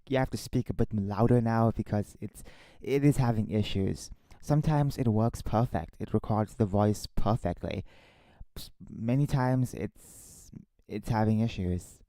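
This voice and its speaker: Guy on a livestream mic, super dark mellow tone, slow and grumbly, rambles and re-says stuff. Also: fairly low pitch, no echo. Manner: rambling, complaining, restarts and re-says lines; drops to a hushed voice at times. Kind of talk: casual solo livestream chat. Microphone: own desktop microphone.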